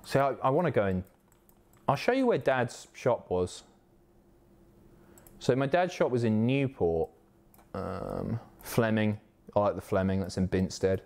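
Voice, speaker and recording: A man from the Isle of Wight, chatting casually and excitably on a live stream, swearing often. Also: on the low side, measured pace, long pauses. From Isle of Wight, England. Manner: excitable, sweary, reads chat aloud.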